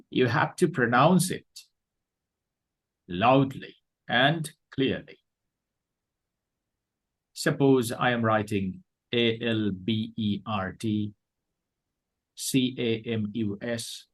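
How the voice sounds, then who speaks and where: A man with a Bangladeshi accent gives a classroom lecture at an unhurried, measured pace. His voice is a little husky, and he goes over each point more than once. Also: mid-range voice, rough recording. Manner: slow, deliberate, repeats points. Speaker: teacher.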